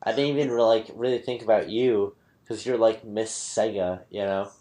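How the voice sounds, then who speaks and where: A tipsy man hosting a casual podcast, talking haltingly with many pauses and fillers. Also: lowish voice, fairly even intonation, mellow. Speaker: podcast host.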